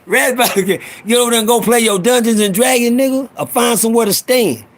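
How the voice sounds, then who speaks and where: A man with a very high voice talks fast while hosting a live audio stream. He tells rowdy, profane stories and acts out the voices of the people in them.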